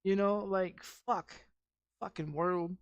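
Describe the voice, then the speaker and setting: A man's voice: high-pitched, fairly even intonation, takes it slowly, no echo, lo-fi sound. A man ranting casually while streaming a game, swearing constantly and restarting his sentences. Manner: profane, rambling, heavy restarts and repeats. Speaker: gaming streamer.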